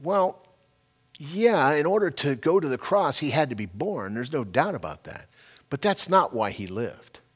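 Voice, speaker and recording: A man preaches in a lively, swinging voice that sits a little high. He drags out the scripture he reads and keeps stopping to ask his listeners whether they got it. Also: breathy edge. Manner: folksy preaching, reads scripture slowly and loudly, asks the congregation questions. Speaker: pastor. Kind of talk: sermon.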